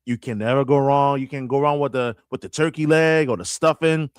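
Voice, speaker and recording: A man in casual sports talk, animated and often restarting his sentences with stammered repeats. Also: mid-range voice, a little fast, smooth, no echo, studio quality. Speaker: radio host guest.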